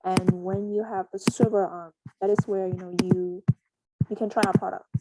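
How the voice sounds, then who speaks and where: A woman presenting a casual software setup tutorial, talking in a halting, hesitant way with frequent pauses and restarts. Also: medium pitch, level tone, very noisy. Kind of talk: casual screen-recorded coding walkthrough.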